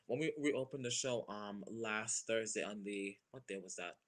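Animated man in his thirties. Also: lowish voice. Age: 30s. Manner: animated, gushing, quick to laugh. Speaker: stage performer guest. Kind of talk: casual interview chat.

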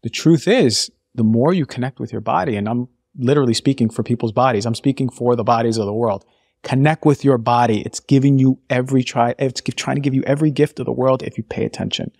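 A man's voice: mid-range voice, fast talker, creaky, darkish tone, breathy edge, dry recording, studio quality. A man speaking as a naturopathic doctor guest on a podcast, impassioned, voicing inner thoughts aloud. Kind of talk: conversational podcast interview.

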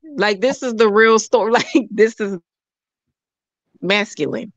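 A woman hosting a call-in talk show, chatting casually, animated and rambling, laughing often. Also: mid-range voice, takes it slowly, no echo, muffled recording. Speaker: show host.

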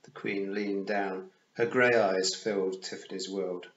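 Male audiobook narrator, low voice, animated, expressive, echoey room. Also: a little slow, few pauses, a little hiss or hum. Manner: expressive, lively reading. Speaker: audiobook reader. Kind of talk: storybook narration. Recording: roomy, dull home recording.

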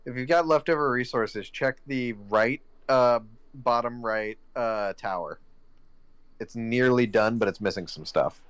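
Man, dry sarcastic co-op gamer, teasing, middle pitch, deadpan. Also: unhurried, clean tone. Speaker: gamer co-streaming. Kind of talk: casual gaming banter.

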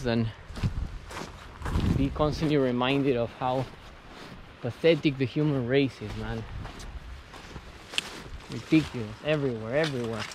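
A man's voice: mid-range voice, noisy background. Exasperated man vlogging outdoors. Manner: frustrated, ranting. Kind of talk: outdoor vlog. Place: outdoors on a lake island.

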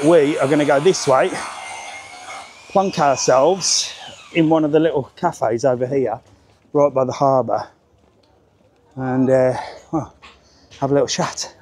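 A man's voice: medium pitch, unhurried, long pauses, darkish tone. Chatty man walking a promenade. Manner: chatty and upbeat, chats with passers-by. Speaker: travel vlogger. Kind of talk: live-stream walking vlog. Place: outdoors on a busy seaside promenade.

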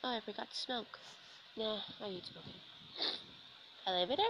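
A woman's voice: medium pitch, normal speed, noisy background. A young woman with a sore throat from being sick, chatting casually and sarcastically as she commentates a video game. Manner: chatty, self-deprecating, sarcastic asides. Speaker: gaming commentator. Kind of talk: casual let's-play commentary.

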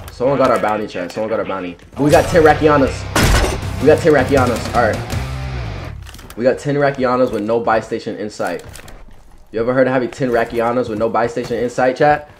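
Medium in pitch and quick in pace, a young man's voice comes through with slight background noise as he streams a video game. His casual chat with viewers is teasing and playful, full of slang, repeated phrases, and trash talk.

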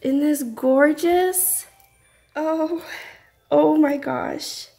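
A woman's voice: high-pitched, steady tone, extremely slow, vocal fry, mellow. A woman, gushing as she unboxes crafts in a casual home vlog. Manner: effusive, gushing. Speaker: craft vlogger.

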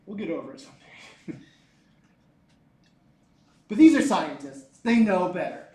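A male teacher lecturing a class in a lively, joking way, often asking the students questions. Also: high voice, a little slow. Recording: echoey classroom.

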